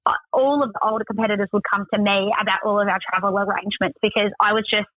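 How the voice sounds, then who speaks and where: Bright chatty Australian woman. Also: medium pitch, fairly even intonation, fast talker, no room sound, lo-fi sound. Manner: chatty, many "like" fillers. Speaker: guest. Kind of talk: casual storytelling.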